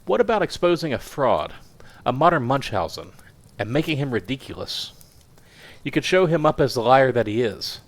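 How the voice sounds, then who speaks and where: A man doing a fussy old news editor, pitched up. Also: very animated, normal speed. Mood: musing, eager. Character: crabbed old kindly male news editor.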